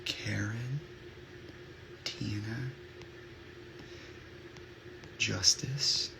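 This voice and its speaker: Candid rambling man, lower voice. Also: steady tone, drawn-out words, gravelly, bright, forceful tone, slight background noise. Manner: rambling, open, many fillers and restarts. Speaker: livestream host. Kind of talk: candid chat with live viewers.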